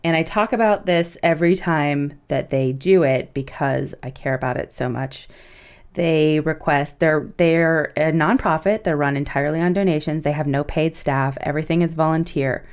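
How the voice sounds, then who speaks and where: A young woman with a low-pitched voice hosts a casual podcast. She talks in a loose, chatty way, swears freely, and often laughs through her asides. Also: moderate pace, smooth. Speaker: podcast co-host.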